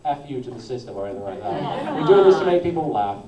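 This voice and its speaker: A man's voice: medium pitch, expressive, fast talker, lo-fi sound. Man on a panel in a roomy hall. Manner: rambling, self-correcting, laughs often. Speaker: convention panelist. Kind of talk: casual panel talk. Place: convention panel room. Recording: roomy hall from far off, crowd behind.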